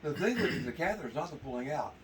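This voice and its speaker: An animated man with a fairly high voice talks fast and laughs through his story as a testimony speaker at a men's meeting. He tells it casually to a group in an indoor meeting room, picked up by a distant mic with background noise.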